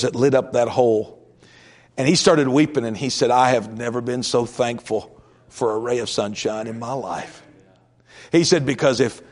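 A male pastor preaching a sermon, swinging from raised emphasis to hushed, slow storytelling. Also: medium pitch.

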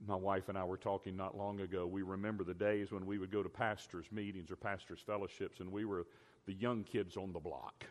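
An older man preaching a sermon as a pastor, emphatic, drawing out key words slowly. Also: low-pitched, fairly even intonation. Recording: long hall reverb.

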